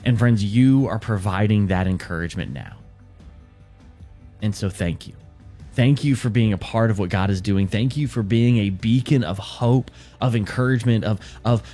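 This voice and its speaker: A male radio host makes a sincere fundraising appeal, halting and restarting as he goes. His voice sits low and mellow. Faint music plays underneath.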